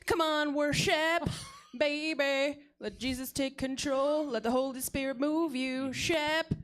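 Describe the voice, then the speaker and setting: A greedy prosperity-gospel pitchwoman, as a woman puts her on, preaching and selling in one breath. Her voice rides high and bright over the hype. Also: fairly even intonation, slow pace, faint music behind. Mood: preachy.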